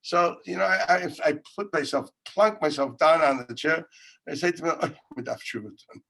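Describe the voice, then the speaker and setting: A middle-aged rabbi teaching Talmud over a video call. His voice sits a little high, and his delivery is loose and animated, full of stories, laughs and sudden loud quoted lines. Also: normal speed, creaky. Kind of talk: informal Talmud class with storytelling.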